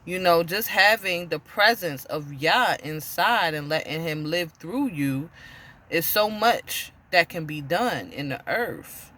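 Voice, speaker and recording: A woman giving an informal sermon to camera, earnest and full of direct questions, often repeating herself and pausing with "you know" and "um". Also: on the low side, animated, sharp tone. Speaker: spiritual teacher.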